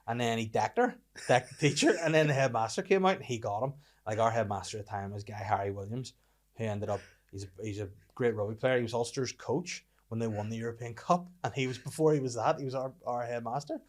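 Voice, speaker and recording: A man's voice: mid-range voice, quick pace. A young man with a Northern Irish accent hosting a podcast, telling stories in casual chat with plenty of swearing. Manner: swearing, animated storytelling. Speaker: podcast host.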